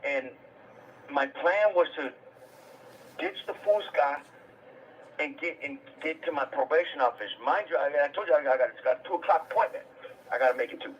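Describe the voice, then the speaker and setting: A man's voice: a little high, animated, normal speed, pauses often, lo-fi sound, slight background noise. A man hosting a livestream, telling his own story in casual, profane street slang, stammering and repeating words.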